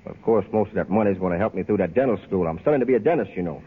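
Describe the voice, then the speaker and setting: Brash lovesick young fella, lowish voice, folksy slang, tinny radio. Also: male voice, expressive, rapid-fire, breathy edge. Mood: earnest. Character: brash lovesick small-town young man. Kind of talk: 1940s radio acting. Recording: tinny old radio broadcast with music.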